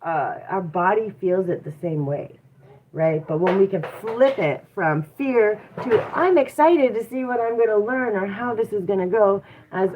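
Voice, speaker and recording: A woman's voice: medium pitch, a little slow, slight background noise. Woman talking over a tinny phone line. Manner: conversational, rhetorical questions, encouraging. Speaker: host. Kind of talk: casual motivational talk.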